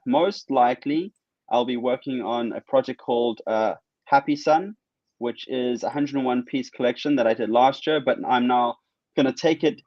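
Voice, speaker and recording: A man who is a guest artist, talking in an animated, rambling way in a casual interview over a video call. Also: mid-range voice, no room sound. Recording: muffled dry audio.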